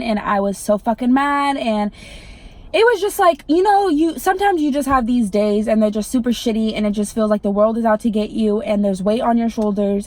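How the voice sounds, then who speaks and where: A woman's voice: fairly high pitch, darkish tone, dry recording. A young woman, telling an irritated storytime rant to her vlog viewers, swearing and saying "like" a lot. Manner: irritated, swearing, heavy use of "like". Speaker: vlogger.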